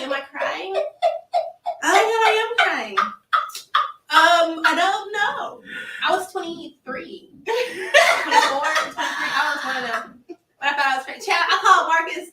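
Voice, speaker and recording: A bright, lively woman in her thirties tells her own story as a guest. She laughs often and acts out the voices of people she quotes. She sits back from the microphone in an echoey room. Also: fairly high pitch. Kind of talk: storytelling on a podcast. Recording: echoey room, distant mic.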